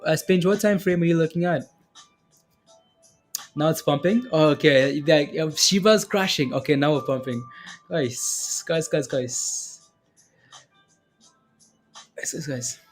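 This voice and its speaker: A man's voice: a little high, measured pace, pauses often, soft background music. Rambling man hosting a trading stream. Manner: rambling, reads viewer questions aloud, many fillers. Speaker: stock and crypto livestream host. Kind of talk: casual trading livestream chat.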